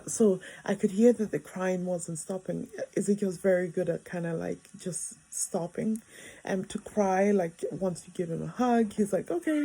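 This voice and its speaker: A woman's voice: on the low side, warm tone, breathy edge, poor audio. A woman in her thirties, a mother telling a family story in a casual, rambling way with many fillers, recorded in a bedroom. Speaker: vlogger, mother.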